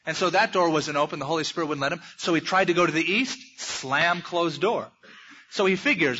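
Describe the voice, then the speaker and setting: Male preacher, folksy storyteller with jokes, higher voice, dull lo-fi sound. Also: lively intonation, brisk, sharp tone, husky. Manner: folksy storytelling with humorous asides. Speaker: pastor. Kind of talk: sermon.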